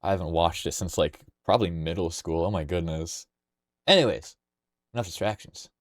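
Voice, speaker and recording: A man's voice: low-pitched, steady tone, fairly quick, a little mellow, no echo, clean studio sound. A young man casually streaming a game, rambling playfully and reading lines aloud. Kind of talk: casual game-playing commentary. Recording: noisy home stream mic.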